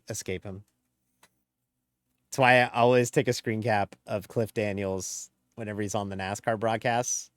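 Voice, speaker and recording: A man's voice: lowish voice, smooth, no echo, studio quality. Chatty nasal man streaming. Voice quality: slightly nasal. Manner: rambling, chatty, with many fillers. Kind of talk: casual live-stream chat.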